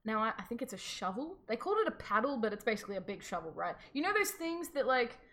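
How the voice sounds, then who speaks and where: A woman's voice: a little high, big pitch swings, fast, sharp tone. A woman co-hosting a podcast, retelling a folk tale in casual chat with playful, sarcastic asides. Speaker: podcast co-host.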